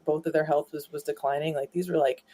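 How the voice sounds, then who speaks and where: A woman with a slightly low voice tells stories about her family in a relaxed interview. She rambles along with plenty of fillers and restarts. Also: fast. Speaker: guest, granddaughter of a former ballplayer. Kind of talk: casual storytelling interview.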